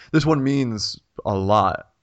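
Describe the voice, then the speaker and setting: A man's voice: lowish voice, animated, extremely slow, no room sound. A man hosting a podcast, asking questions in a casual chat and rephrasing as he goes. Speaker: podcast host. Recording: dull dry podcast audio.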